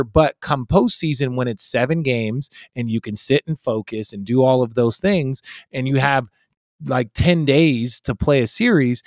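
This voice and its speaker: A man's voice: medium pitch, no echo, studio quality. A man in his forties, a guest analyst in a casual podcast chat, talking emphatically and swearing freely.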